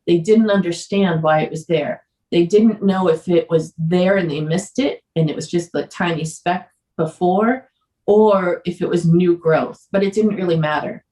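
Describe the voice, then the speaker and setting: A woman podcast guest candidly telling a personal story, earnest and emotional, sometimes halting. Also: fairly low pitch, dark tone, recorded from a distance. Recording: roomy echo.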